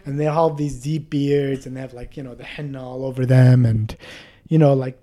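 A man's voice: mid-range voice, level tone, brisk, warm tone. A man telling a comedic story on a podcast, rambling with lots of fillers and swearing, rising to exasperated outbursts.

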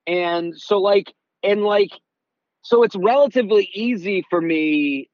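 Man, high voice, rambling anecdotes, casual chat, dry dull sound. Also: unhurried, no room sound. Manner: animated storyteller, rambling with many "like"s. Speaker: guest comedian.

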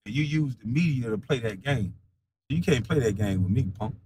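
A man in a heated, profane monologue, defiant and mocking, laughing scornfully and swinging between low mutters and loud taunts. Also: expressive, brisk, noisy background. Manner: casual slang-heavy speech.

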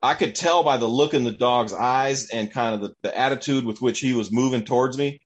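A man in casual chat, telling an anecdote in an animated way and acting out the voices of people in it. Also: mid-range voice, a little fast, highs cut off. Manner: animated, acts out voices in his story. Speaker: storyteller.

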